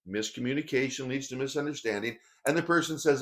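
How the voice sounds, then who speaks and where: A man giving a seminar talk on workplace conflict, telling stories with animated, shifting delivery. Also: mid-range voice, fast talker, hardly any pauses. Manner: animated storytelling, pace shifting often.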